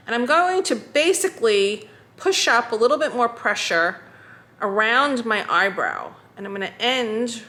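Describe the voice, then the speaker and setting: A woman teaching a skincare routine, calmly talking through each step as she demonstrates it. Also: medium pitch. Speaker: skincare instructor.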